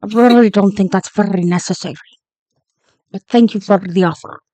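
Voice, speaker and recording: A woman's voice: mid-range voice, moderate pace, dark tone, dry recording, pitched below the performer's own voice, natural voice. Woman putting on a rolling-R pirate ferry captain. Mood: polite. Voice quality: rolls his R's, pirate voice. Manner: genteel, repeats his phrases. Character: grizzled male ferry captain with tentacles, pirate-like.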